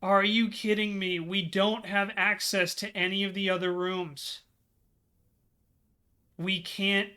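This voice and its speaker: A man's voice: high voice, flat delivery, takes it slowly, pauses often, sharp tone, smooth. A man hosting a let's play video, commenting as he plays and sighing and lamenting his setbacks with repeated dismay. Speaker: gaming video host.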